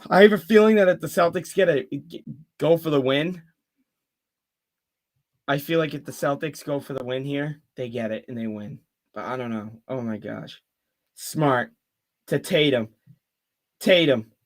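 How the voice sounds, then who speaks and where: A young man giving fan play-by-play commentary of a basketball game, excitable and openly rooting for one team. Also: mid-range voice, unhurried, long pauses.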